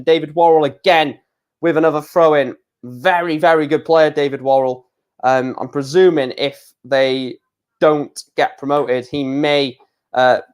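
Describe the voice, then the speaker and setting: Brief: slightly high-voiced man, YouTube reaction host, live football commentary, chatty with fillers and sudden shouts. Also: clear, resonant tone. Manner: running play-by-play with fillers, bursts into shouting at chances and goals.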